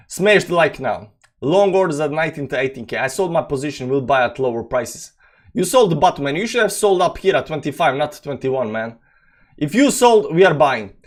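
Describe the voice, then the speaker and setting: A young man with a speech pattern hosts a casual crypto livestream, reading chat comments aloud and rambling with many fillers and restarts. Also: on the high side.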